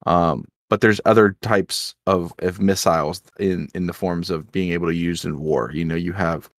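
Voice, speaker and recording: Lowish-voiced man, earnest podcast co-host. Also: fairly even intonation, normal speed, dry recording, studio quality. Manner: earnest, with frequent restarts and self-corrections. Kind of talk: casual drinking-podcast chat.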